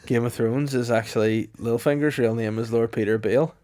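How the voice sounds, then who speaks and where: A man's voice: mid-range voice, steady tone, a little fast, mellow. A man co-hosting a podcast, talking bluntly in casual banter, swearing and laughing often. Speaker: podcast co-host.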